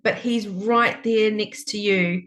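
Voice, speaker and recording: A woman's voice: mid-range voice, fairly even intonation, slow, a bit bright. Reflective woman podcast host. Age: 40s. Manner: reflective, affirming, thinks aloud with restarts. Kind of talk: conversational interview.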